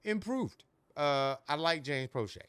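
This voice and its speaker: A man's voice: a little high, lively intonation, slow, fairly bright tone, clear, resonant tone, no room sound. A man co-hosting a sports podcast, talking loosely and animatedly with slang and frequent laughs. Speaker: podcast co-host. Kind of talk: casual sports podcast chat.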